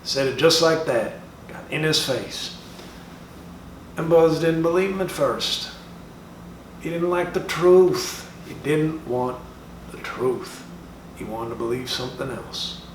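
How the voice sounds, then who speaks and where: Slow and expressive, with long pauses, this slightly high male voice impersonates a brash middle-aged comedian lecturing schoolkids at an assembly. The mock-serious routine is full of drawling, swearing and taunts. A far-off mic catches it in a reverberant room, with faint noise behind.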